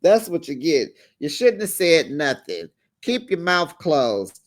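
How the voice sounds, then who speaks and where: A man hosting a casual recap of a reality show, sassy and animated, with lots of "honey" and "child". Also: fairly high pitch, slow. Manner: acts out the quotes in put-on voices.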